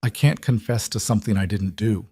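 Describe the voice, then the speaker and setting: A man's voice: fairly low pitch, a little fast, mellow, slightly rough, no echo. A beaten young man pleads through pain, strained and anguished, as a male narrator acts him. The sound is dry and close, a storybook voice.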